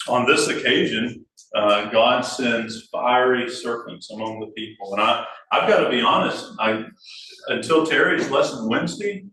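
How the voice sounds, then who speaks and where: A man's voice: mid-range voice, pushed and bright, husky. A man teaching an adult Bible class in a church room, talking things through with frequent restarts and fillers. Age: adult father. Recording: echoey room, voice from afar.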